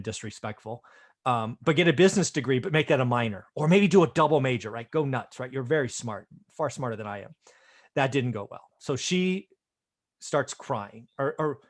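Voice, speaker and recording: A middle-aged man hosting a casual conversation, at an ordinary pitch for a man. He retells a family story in a self-deprecating way, tagging his sentences with "right?" as he goes. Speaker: host.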